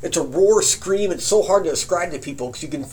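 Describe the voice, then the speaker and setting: A man casually telling a profane campfire story, animated and often laughing as he recounts it. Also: high-pitched, a little fast.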